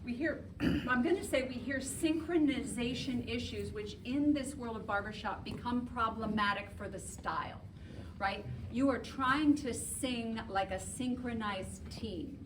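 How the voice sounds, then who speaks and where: A woman vocal coach runs a chorus rehearsal with brisk, cheerful, chatty directions. Her voice sits a little high and comes from a distant camera across the room. A steady hiss of room noise stays underneath. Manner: lively, upbeat, chatty instructions. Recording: distant mic with background noise.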